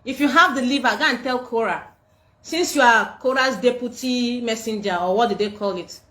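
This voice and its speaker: Defiant and scolding, a Nigerian livestream host repeats herself as she rants into her phone. Her voice sits on the high side, fairly bright, at normal speed, and the room has an echo.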